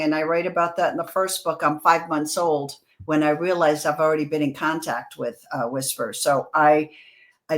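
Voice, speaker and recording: A woman from New York, a guest author telling stories in a casual interview, animated and full of quick restarts. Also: lowish voice. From New York, USA.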